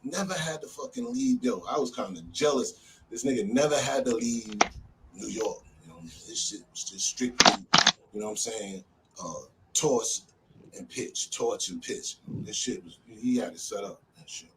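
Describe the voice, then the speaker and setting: A man from New Jersey recounts a street story in loose, animated talk, stopping often to check that the listener is following. His voice sits at an ordinary middle pitch. It comes from a little way off the mic, with a faint noise underneath. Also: moderate pace, far from the mic. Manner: animated, loose street talk full of "you know what I'm saying". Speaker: vlogger telling a street story. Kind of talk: casual storytelling.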